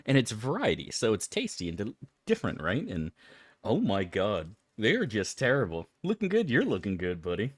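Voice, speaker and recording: Live-streaming a game, this man talks to viewers in a lowish voice with huge pitch swings at a normal speed, with no echo. His chat is casual and full of swearing and over-the-top, friendly complaining.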